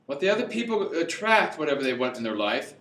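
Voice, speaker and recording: High bright-voiced guy preaching, acts out little quotes, echoey room, mic kinda far. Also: fast. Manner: animated, repeats himself, acts out quotes. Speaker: spiritual speaker. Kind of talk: motivational talk to a live audience. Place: meeting hall with a live audience.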